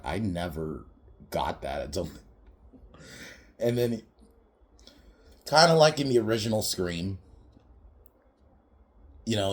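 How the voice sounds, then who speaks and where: A man's voice: deep voice, expressive, measured pace, pauses often. A young man hosting a podcast, casually recapping a film in a rambling, profane way, laughing often and slipping into quoted voices. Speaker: podcast host reviewing a film.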